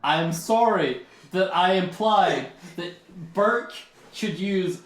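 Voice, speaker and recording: A man's voice: sits high, takes it slowly, roomy sound, poor audio. A man co-hosting a comedy podcast, teasing and mock-formal in casual chat. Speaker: podcast co-host.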